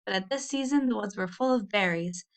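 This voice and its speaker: Brief: expressive woman reader narrating a children's classic, lively storytelling. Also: mid-range voice, fairly quick, vocal fry. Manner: expressive, animated reading with small slips. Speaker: audiobook reader. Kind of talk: reading a children's novel aloud.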